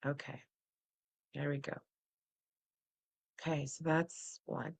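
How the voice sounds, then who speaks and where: A middle-aged woman hosting a guided breathing practice, speaking softly and laughing at herself now and then. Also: sits low, flat delivery, creaky. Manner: soft and unhurried, laughs at herself. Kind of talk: gentle guided meditation, chatty asides. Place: home, close to the camera. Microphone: camera mic, close.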